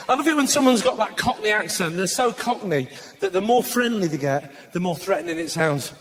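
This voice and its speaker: A man's voice: high-pitched, fairly quick, few pauses, noisy background. A male stand-up comedian doing brash, sweary banter with the crowd, recorded live on stage in a large theatre.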